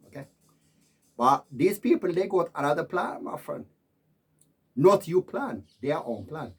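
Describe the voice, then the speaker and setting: A man giving an emphatic, preachy monologue, repeating himself and swinging from loud to quiet. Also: mid-range voice, normal speed, husky. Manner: repetitive, keeps saying "my friend" and "okay".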